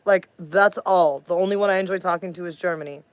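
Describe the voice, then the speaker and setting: A woman's voice: on the low side, a little fast, clear, resonant tone, dry recording. A woman from the United States ranting on a livestream in a profane, rambling way, losing her train of thought. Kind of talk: casual livestream rant.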